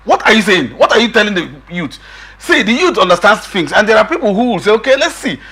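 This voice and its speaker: A middle-aged man with a husky voice, arguing emphatically as a guest in a political discussion, often repeating himself. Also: sits high, sing-song, fast talker, sharp tone. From Nigeria. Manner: emphatic, repeats himself, quotes others in raised voice.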